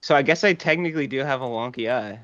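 A man's voice: mid-range voice, quick pace, fairly bright tone, no room sound, lo-fi sound. A man co-hosting a casual banter show, joking crudely and restarting his sentences. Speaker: podcast co-host.

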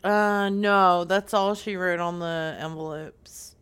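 A woman speaks slowly and casually, laughing easily between remarks. On prank calls she keeps a straight, earnest tone. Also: on the low side, steady tone, fairly bright tone, clean tone. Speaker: streamer making prank calls. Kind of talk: casual chat and prank call.

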